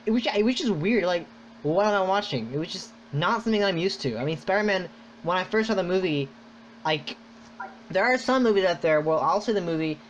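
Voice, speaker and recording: A man hosting a podcast in casual chat, rambling and excitable, full of "like". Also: sits high, slight background noise. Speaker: podcast host. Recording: dull lo-fi sound.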